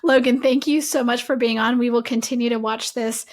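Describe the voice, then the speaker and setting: A woman's voice: fairly high pitch, steady tone, fairly quick. A woman hosting a podcast, talking in a friendly, casual way with hesitant fillers. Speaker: podcast host, editor.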